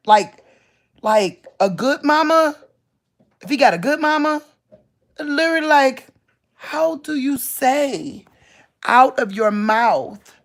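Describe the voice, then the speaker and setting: Woman vlogger, casual phone rant, slow, rambling, incredulous, many restarts. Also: mid-range voice. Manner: rambling, incredulous, repeats herself, restarts often; talks lying down. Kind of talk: casual late-night rant to viewers.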